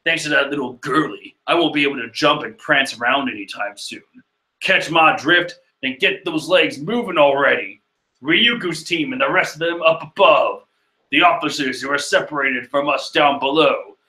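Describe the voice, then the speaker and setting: A man voicing a gruff, rude adult male hero who barks brusque orders. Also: on the high side, moderate pace, sharp tone. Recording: echoey room.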